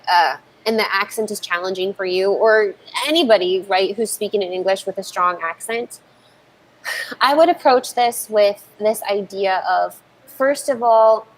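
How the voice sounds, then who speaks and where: A woman gives a loose, conversational talk as an English coach. Her voice sits at a middle pitch. She keeps checking in with listeners and often restarts her sentences. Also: a little hiss or hum, rough recording. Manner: thinks aloud with frequent fillers and restarts. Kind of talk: informal online talk with Q&A.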